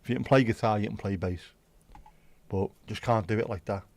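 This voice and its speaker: A man's voice: on the low side, fairly quick, a little mellow. A man hosting a casual livestream, rambling chattily with sweary asides. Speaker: livestream host. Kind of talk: casual solo livestream chat. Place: home.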